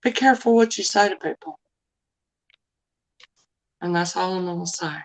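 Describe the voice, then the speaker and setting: A woman's voice: fairly low pitch, normal speed, poor audio. A middle-aged woman hosting a casual live chat, emotional and apologetic, rambling as she talks. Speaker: live stream host.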